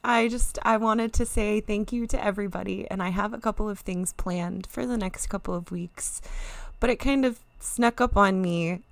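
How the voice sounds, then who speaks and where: A woman's voice: mid-range voice, steady tone, moderate pace, vocal fry, no echo. A woman streamer chatting casually and emotionally to viewers, rambling and near tears. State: teary, near crying. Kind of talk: casual live-stream chat.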